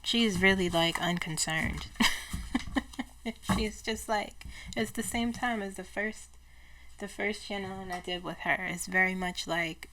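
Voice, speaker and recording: Slow-talking woman doing readings. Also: mid-range voice, steady tone, bright, forceful tone. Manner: slow, hesitant, many fillers and restarts. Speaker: psychic reader and channeler. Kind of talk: casual spiritual channeling and tarot talk.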